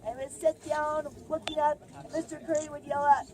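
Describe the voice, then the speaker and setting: Brief: animated woman ranger telling stories outdoors, high voice, noisy open-air camera audio. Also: a little fast. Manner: animated storytelling, shouts out lines. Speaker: park ranger. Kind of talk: spirited outdoor ranger talk. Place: outdoor amphitheater at sunset.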